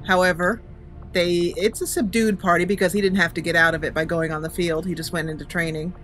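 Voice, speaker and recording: A woman's voice: on the low side, steady tone, brisk, a bit bright, faint music behind. A woman hosting a let's-play, chatting casually as she thinks aloud, with frequent hesitant fillers and small chuckles. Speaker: gaming channel host.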